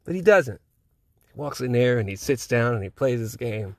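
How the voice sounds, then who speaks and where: A young man hosting a solo chat podcast while high, talking in a loose, rambling way with lots of slang and swearing. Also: expressive, normal speed, darkish tone, dry recording, studio quality. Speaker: podcast host.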